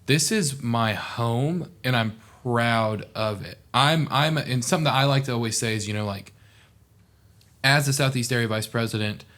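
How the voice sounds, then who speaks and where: In a casual podcast interview, a former student officer from southeast Oklahoma speaks at a moderate pace with a mid-range, slightly bright voice. He's a young man who comes across earnest and sincere, wandering through his thoughts and leaning heavily on "like".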